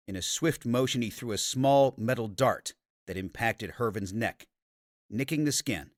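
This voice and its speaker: A man's voice: medium pitch, a little slow, dry recording. Male audiobook narrator, dry close sound. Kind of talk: scripted narration.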